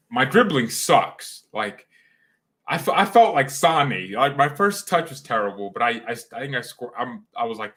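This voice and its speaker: Rambling, excitable young man. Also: lowish voice. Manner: rambling and excitable, full of slang, frequent restarts. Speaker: streamer. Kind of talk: casual live-stream chat.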